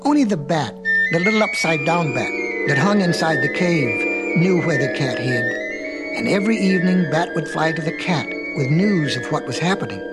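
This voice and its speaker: A man reading a storybook aloud in a slow, rhythmic way, lingering on repeated phrases. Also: a little high, lively intonation, loud music behind the voice, low-quality recording.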